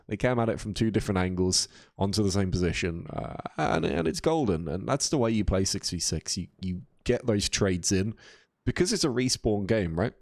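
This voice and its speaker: A man's voice: lowish voice, a little mellow, no room sound, clean studio sound. A man casting a live video game match, talking casually and reacting to chat between plays. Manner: casual, chatty, reads chat aloud. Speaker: esports caster.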